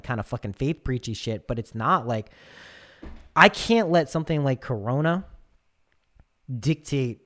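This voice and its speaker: A man in his thirties from the United States, a podcast host telling stories in casual chat, animated and full of swearing. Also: mid-range voice. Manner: profane, animated storyteller.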